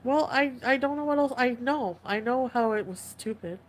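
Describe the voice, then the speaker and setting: A woman in her thirties talking casually to camera, halting and indifferent, repeating herself. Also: sits high, expressive, a little hiss or hum. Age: 30s. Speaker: streamer in a played clip.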